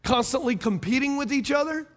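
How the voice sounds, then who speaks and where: A man's voice: extremely high pitch, a little fast. A middle-aged male pastor preaching a sermon, repeating key phrases and throwing questions at his congregation. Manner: preaching cadence, fires rhetorical questions at the congregation.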